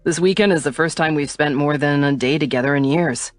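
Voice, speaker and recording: A woman's voice: deep voice, brisk, no echo, soft background music, lightly acted. A woman voicing a playful, teasing young man in an audiobook, speaking in a light manner.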